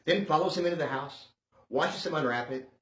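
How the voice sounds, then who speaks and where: A man doing a stand-up comedy set, sarcastic and animated, swinging between loud outbursts and hushed asides. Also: fairly high pitch, fairly quick. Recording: dull lo-fi sound in a roomy space.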